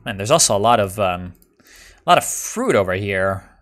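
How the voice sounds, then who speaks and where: A man giving casual, joking commentary while playing a strategy game. He rambles excitedly and swears often. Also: lowish voice, normal speed. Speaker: video game player.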